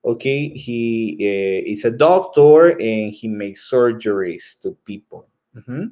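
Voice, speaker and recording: A man's voice: fairly low pitch, expressive, slow pace, mellow. A man teaching an English class, explaining tasks patiently step by step, repeating himself and often checking in with "okay?". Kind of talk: classroom instruction.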